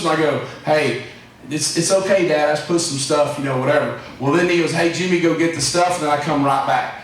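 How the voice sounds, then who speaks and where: A man's voice: fairly high pitch, fairly even intonation, brisk, slight background noise. A man giving a rambling, folksy motivational talk to his staff as company president. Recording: echoey room, distant mic.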